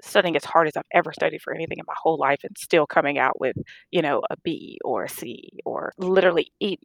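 A middle-aged woman doctor casually recounting stories in an interview, animated and laughing as she acts out dialogue. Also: low-pitched, fast talker, creaky, no room sound. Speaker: guest, physician.

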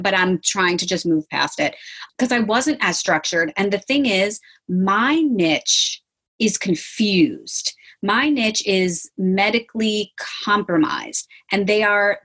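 A woman dietitian talking casually as an interview guest, animated and acting out what her clients say. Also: medium pitch, normal speed, slightly rough. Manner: animated, acts out quotes of clients.

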